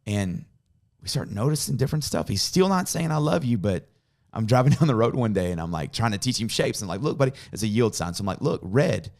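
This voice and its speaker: A man, a pastor, tells a personal story in a podcast conversation, earnest and dropping to a hush in emotional moments. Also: on the low side, animated, quick pace, hardly any pauses.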